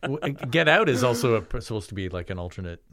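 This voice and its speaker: A man's voice: mid-range voice, big pitch swings, a little fast, a crowd in the background. A man casually chatting about a film he picked, rambling with many fillers and restarts. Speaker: podcast co-host. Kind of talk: casual film review chat.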